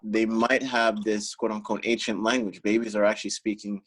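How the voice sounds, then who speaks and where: A man's voice: on the low side, little pitch movement, moderate pace, a bit bright, slight background noise, rough recording. A man chatting as a guest, musing hesitantly with many fillers and restarts. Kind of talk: casual group chat.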